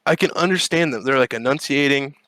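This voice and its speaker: A man's voice: medium pitch, fairly quick, pushed and bright, dry recording. A man co-hosting a gaming podcast, ranting in a casual, profane and sarcastic way. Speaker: podcast co-host. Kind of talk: casual chat.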